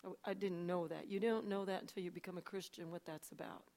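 An older woman telling her personal testimony to a church audience, swinging between hushed asides and loud, animated storytelling. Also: lowish voice, fast talker. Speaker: church speaker.

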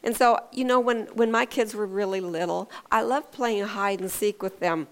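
An earnest woman sharing a devotional in a relaxed, chatty way, her voice sitting at an ordinary middle pitch. She stumbles and restarts now and then, then swings up and down in pitch when she tells a story. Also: normal speed. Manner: earnest and conversational, with hesitant restarts. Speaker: devotional speaker. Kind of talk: informal devotional sermon.

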